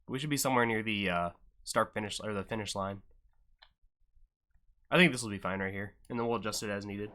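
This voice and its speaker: Young male stream host; bright, punchy tone, loose joking commentary, pokes fun at himself. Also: on the low side, a little fast, long pauses. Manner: joking banter with chat, self-deprecating. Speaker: livestream host and event commentator. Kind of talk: casual live-stream commentary.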